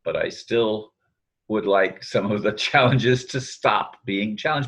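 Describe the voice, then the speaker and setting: A man's voice: lowish voice, takes it slowly, fairly bright tone, breathy edge. An older man musing aloud in a daily video monologue, quoting friends and often correcting himself. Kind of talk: reflective spoken monologue.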